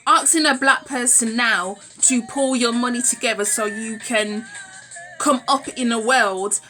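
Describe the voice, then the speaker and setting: Woman vlogger, blunt and outspoken, highish bright voice, faint music underneath. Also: a little slow. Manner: frank, forthright, blunt. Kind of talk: opinionated talking-to-camera monologue.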